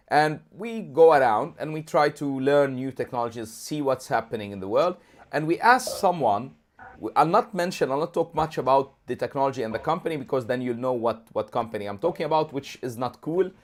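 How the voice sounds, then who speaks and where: A man co-hosting a casual livestream, talking in an animated, rambling way with many restarts, a throat lozenge in his mouth. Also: medium pitch, fairly quick. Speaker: co-host.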